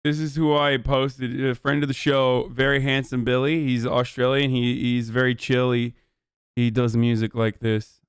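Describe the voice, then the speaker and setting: A man's voice: mid-range voice, little pitch movement, normal speed, smooth. A man hosting a live stream in casual chat, talking loosely with rambling asides and frequent swearing. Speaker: streamer host.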